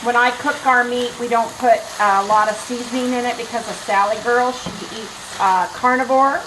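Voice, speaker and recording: A woman's voice: on the high side, fairly even intonation, normal speed, roomy sound, background noise. A woman chatting casually in a rambling way while cooking at home for her vlog. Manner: chatty, rambling, laughs often. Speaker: vlogger. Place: home kitchen.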